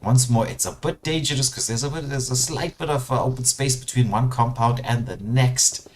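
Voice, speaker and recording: Excitable male esports caster, noisy audio. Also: medium pitch, normal speed. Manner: excitable play-by-play with frequent fillers and bursts of excitement. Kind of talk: live game commentary.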